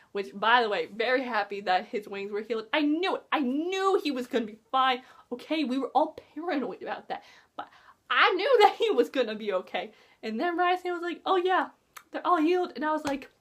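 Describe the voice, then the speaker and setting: A woman giving a casual book-talk vlog review, gushing and excitable, with lots of filler words. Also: high voice.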